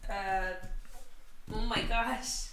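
Teasing mom in an echoey room. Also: female voice, mid-range voice, steady tone, very slow, a bit bright. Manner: teasing, chatty. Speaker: mom on a family vlog. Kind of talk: casual livestream chat. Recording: roomy echo with people around.

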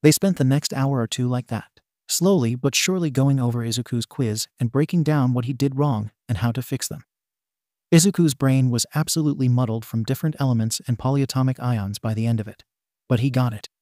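Male fanfic narrator, steady and gentle, mellow tone, dry close sound. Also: medium pitch, no echo. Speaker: story narrator. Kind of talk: fan-fiction audiobook narration.

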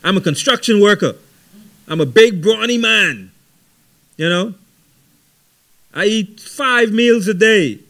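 A man's voice: high voice, animated, slow, pauses often, fairly bright tone, pitched above the performer's own voice, heavily acted. A man putting on a bragging brawny builder. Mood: boastful. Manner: incredulous, bragging. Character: boastful big brawny male construction worker.

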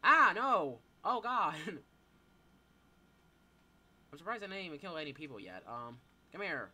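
Excitable teenage boy yelping through gameplay. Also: a little high, measured pace. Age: teens. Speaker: gamer. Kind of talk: gameplay commentary.

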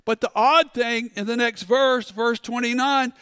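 A man preaching a sermon as a pastor, telling stories and swinging between loud outbursts and hushed asides. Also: very high-pitched, steady tone, unhurried, clean tone, no room sound, clean studio sound, big-room sound. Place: church sanctuary.

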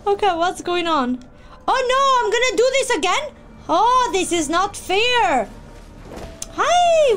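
A woman gaming YouTuber giving loud, excitable let's-play commentary, yelping, laughing and chatting with her viewers. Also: sits high. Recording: game music playing underneath.

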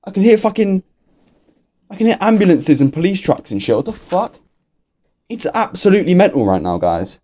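A young English man giving casual, excitable gameplay commentary from his bedroom, swearing constantly and talking to himself. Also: sits high, normal speed, pauses often. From England. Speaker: gaming youtuber. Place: bedroom at home.

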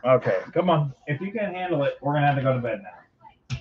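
A man hosting a livestream coin auction, chanting bids in a quick rhythmic auctioneer patter and bantering playfully between calls. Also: on the high side, sing-song, raised voice, highs cut off, very noisy. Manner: rapid rhythmic bid calling, playful teasing. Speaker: host auctioning coins on a livestream.

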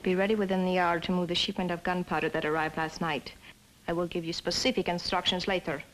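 An actress playing a young, imperious wife plotting a conspiracy, in 1950s TV drama style, cold and commanding. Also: female voice, lowish voice, flat delivery, quick pace, fairly bright tone, a little hiss or hum, close to an everyday voice, low-quality recording.

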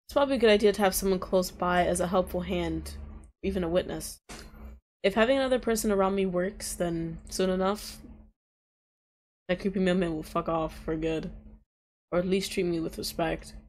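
A woman playing a visual novel, reading its lines aloud and breaking off into loud reactions and laughter. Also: fairly low pitch. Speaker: gaming streamer.

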